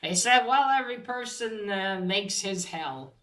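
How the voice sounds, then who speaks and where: A woman's voice: mid-range voice, expressive, a little slow, a bit bright, rough recording. A woman casually recapping a comic book story, swearing freely and retelling each scene with lots of fillers.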